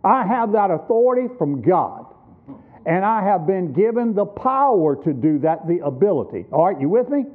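Animated older man preaching, tinny sound. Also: sits high, normal speed. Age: 60s. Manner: emphatic, teaching with rhetorical questions. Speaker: visiting preacher at a missions conference. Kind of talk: sermon. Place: church.

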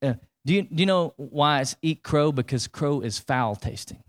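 A man preaching a sermon in a lively, colloquial way, full of rhetorical questions and asides to the congregation. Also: fairly high pitch, normal speed. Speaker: pastor.

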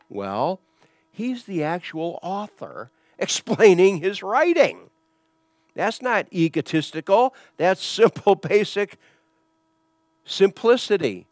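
A male pastor works through scripture in an easygoing teaching sermon, posing rhetorical questions. His voice sits slightly high for a man and is recorded close and dry. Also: big pitch swings, slow, darkish tone, no room sound. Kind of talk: expository sermon.

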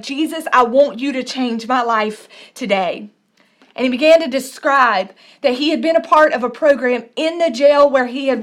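A young adult woman pastor preaching a sermon, telling a personal story with earnest, repeated phrases. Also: high-pitched.

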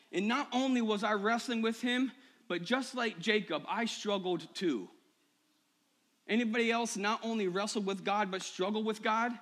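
A male pastor preaching a personal sermon to his church, moving from quiet confession to impassioned, rising appeals. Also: high voice. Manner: personal, builds to impassioned shouting. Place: church sanctuary.

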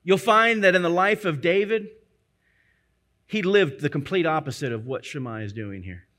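A man preaches a sermon in a high, bright voice. He speaks earnestly and emphatically, doubling back on phrases to drive his point home. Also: moderate pace. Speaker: pastor.

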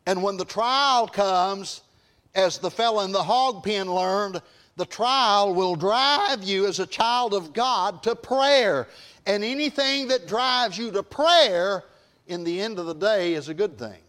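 A man with a high-pitched voice preaches to a congregation in church. His delivery is emphatic and folksy, full of repeated phrases that climb into shouts. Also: expressive, measured pace. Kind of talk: evening sermon to a congregation. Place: church service before a congregation.

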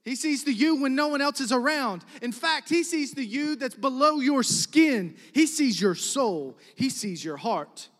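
A man preaching a sermon to his congregation as pastor, building to emphatic loud stretches and dropping to soft, quiet ones. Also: extremely high pitch, expressive, measured pace, hardly any pauses, long reverb tail.

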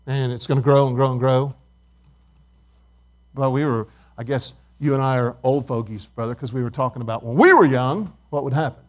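A man's voice: medium pitch, moderate pace. A middle-aged man preaching as a pastor, talking with his congregation, asking questions and telling stories. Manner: conversational, asks the congregation questions, tells stories. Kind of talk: sermon.

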